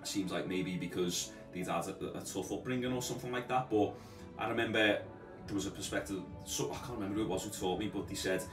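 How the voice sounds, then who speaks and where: A man's voice: on the low side, fast talker. Man, roomy and distant, music behind. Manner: relaxed storytelling with many "like" fillers. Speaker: podcast co-host, gym coach. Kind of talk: casual chat. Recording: echoey room, far from mic, music behind.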